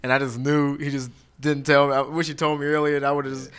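A man's voice: on the high side, little pitch movement, quick pace, a bit bright, smooth. A man telling stories in a loose, casual chat, swearing and laughing through them.

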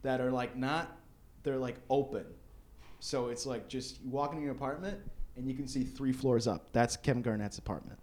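A man telling a story in casual chat, animated and laughing often as he acts out what people said. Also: mid-range voice, moderate pace.

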